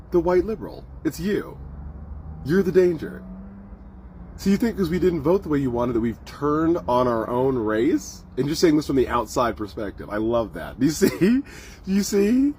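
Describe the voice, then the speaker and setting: A man's voice: mid-range voice, big pitch swings, moderate pace, darkish tone, a little hiss or hum. A man hosting a commentary video, ranting with mocking, repeated rhetorical questions and swearing. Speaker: host.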